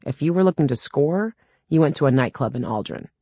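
A woman's voice: low-pitched, animated, a little fast, dark tone, breathy edge, no room sound. Wry woman narrating an audiobook. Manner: wry, dry first-person storytelling. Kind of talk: first-person audiobook narration.

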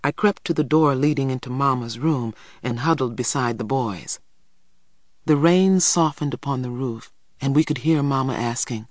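A man reading a first-person story aloud in a measured, quiet way. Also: mid-range voice, dry recording, studio quality. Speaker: audiobook narrator. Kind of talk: scripted first-person narration.

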